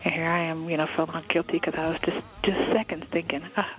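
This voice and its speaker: Chatty woman radio host, lowish voice. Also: little pitch movement, quick pace, faint music behind, rough recording. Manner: chatty, candid, with frequent restarts. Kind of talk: radio interview.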